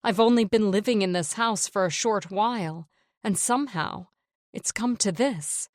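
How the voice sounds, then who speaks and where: A woman narrating a first-person psychological thriller audiobook in a measured, tense read. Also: on the low side, no echo, studio quality.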